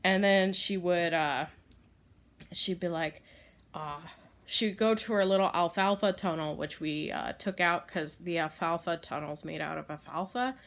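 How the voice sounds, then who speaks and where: A woman's voice: on the low side, unhurried, a bit bright. A woman chatting casually in a home vlog, rambling with lots of fillers and frequent laughs. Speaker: vlogger. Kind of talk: casual chat.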